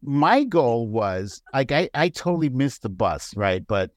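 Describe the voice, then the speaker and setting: A man talking as a guest on a podcast, telling stories in an animated way and laughing often. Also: mid-range voice, a little slow, no room sound, studio quality. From United States. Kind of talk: casual chat.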